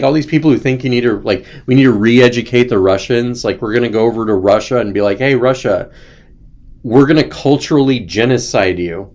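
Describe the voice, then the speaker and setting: A young man rambling through a casual livestream show, talking straight to his viewers. He drifts between loose asides and sarcastic, mocking takes, and his voice sits at a middle pitch for a man. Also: darkish tone. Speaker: host.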